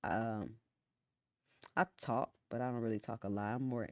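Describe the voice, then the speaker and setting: A woman hosting a casual live stream who chats with viewers, reads out their comments and often repeats her phrases in a calm, low-key way. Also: moderate pace, no room sound. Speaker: livestream host. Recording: dull lo-fi sound, dry.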